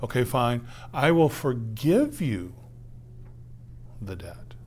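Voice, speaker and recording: A man preaching a sermon in an easygoing, conversational way. His voice sits at a middle pitch. He acts out the people in the story he is telling and keeps turning to his listeners with little tag questions. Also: big pitch swings, slow pace, a little mellow, slight background noise. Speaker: pastor.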